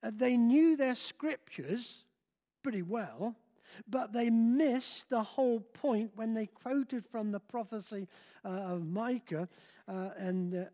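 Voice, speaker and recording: An older man preaching a sermon in a church, slow and halting with many filler sounds. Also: extremely high pitch, mellow. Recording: long reverb in a hall.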